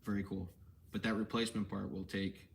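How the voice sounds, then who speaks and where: Rambling low-voiced man answering questions. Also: little pitch movement, fairly quick, creaky, a little hiss or hum. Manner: rambling, self-correcting, casual slang. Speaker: collectibles shop owner hosting a Q&A. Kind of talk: casual livestream Q&A.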